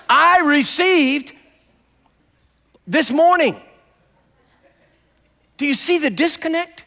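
An older male pastor delivers a sermon in a high-pitched voice. He tells stories with animated swings between quiet asides and loud outbursts. His voice carries a long reverb from a large sanctuary. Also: slow, long pauses.

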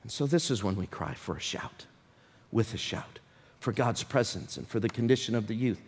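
A man preaching a sermon, swinging between shouted appeals and hushed, whispered prayers. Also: fairly low pitch, lively intonation, moderate pace, slightly rough, long reverb tail.

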